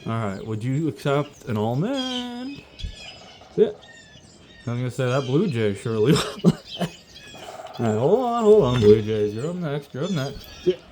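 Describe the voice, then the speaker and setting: A man feeding squirrels and birds outdoors, cooing softly at them and drifting into a rambling political monologue. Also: medium pitch, big pitch swings, measured pace, pauses often, background noise. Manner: coos softly to animals, then rants about politics. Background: birdsong and outdoor ambience.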